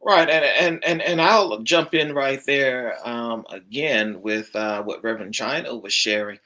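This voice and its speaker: A man's voice: medium pitch, measured pace, sharp tone, rough recording. A man, a pastor, speaking on a panel with an emphatic, preacher-like cadence. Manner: emphatic, rising preacher-like delivery.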